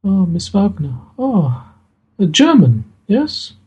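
A man's voice: sits high, huge pitch swings, a little mellow, slightly rough, voice pushed up, exaggerated voice, poor audio. A man voicing a tearful young Italian woman. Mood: grateful. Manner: sighing, halting, lamenting.

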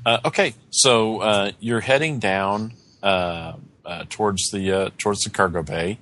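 A man with a deep, low voice narrates a tabletop game as its game master. He talks in a halting way, with many ums and restarts. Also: a bit bright. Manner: halting, full of fillers.

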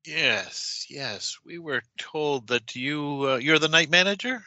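A man's voice: on the high side, lively intonation, takes it slowly, pushed and bright, no room sound. A man playing an agent in a tabletop game, politely formal and playful. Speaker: player. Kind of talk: in-character tabletop play. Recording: dry, dull call audio.

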